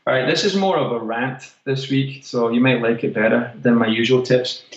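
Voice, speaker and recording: A man's voice: mid-range voice, normal speed. Emphatic Scottish man in an echoey room. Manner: emphatic, punchy, repeats key phrases. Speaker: fitness business coach, segment regular. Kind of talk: motivational monologue. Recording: very echoey, distant, dull-sounding room.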